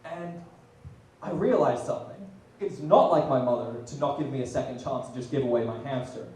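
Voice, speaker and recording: A young man performs a stand-up set in a mellow, darker voice. He mixes dry, deadpan asides with loud punchlines. The sound comes from a distant mic in a very echoey room. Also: mid-range voice, brisk. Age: young adult. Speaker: student stand-up comic. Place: small comedy venue, audience laughing. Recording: very echoey room, heard from afar.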